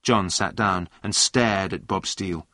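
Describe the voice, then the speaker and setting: A man narrating a story aloud in a plain, clear reading voice. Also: low-pitched, unhurried, sharp tone, no echo, clean studio sound.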